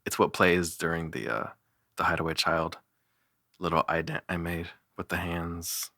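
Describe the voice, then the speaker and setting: A man's voice: low voice, monotone, moderate pace, pushed and bright, no echo, studio quality. A young man casually talking through his own songs, rambling with many fillers and self-deprecating laughs. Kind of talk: casual solo commentary.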